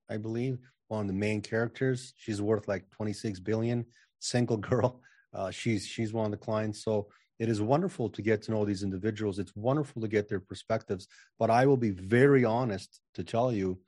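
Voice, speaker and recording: A man's voice: fairly low pitch, mellow, no room sound, studio quality. A man talking as a guest in a casual interview, self-assured and emphatic, often repeating words as he starts a sentence. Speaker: podcast guest, channeling coach.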